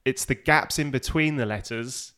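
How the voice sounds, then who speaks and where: A man's voice: medium pitch, normal speed, fairly bright tone. A man co-hosting a podcast, telling boastful, joking stories in casual chat. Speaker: podcast co-host.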